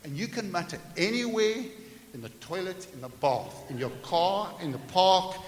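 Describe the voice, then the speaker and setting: Animated preacher man in an echoey hall. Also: sits high, normal speed. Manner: animated, acts out everyday scenes, jokes with the congregation. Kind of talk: sermon. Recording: echoey hall with faint hiss.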